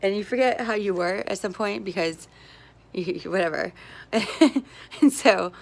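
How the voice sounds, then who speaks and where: A woman's voice: medium pitch, measured pace, creaky. A woman talking in a casual, meandering monologue, restarting her sentences, tagging on "right?" and breaking into easy laughs. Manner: meandering, self-interrupting, often tags with "right?"; laughs easily between thoughts.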